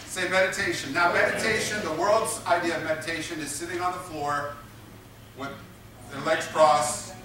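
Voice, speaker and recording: A man's voice: on the high side, fairly even intonation, normal speed, noisy background. A man preaching a sermon, emphatic and repetitive, drawing responses from his congregation. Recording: echoey room picked up from a distance.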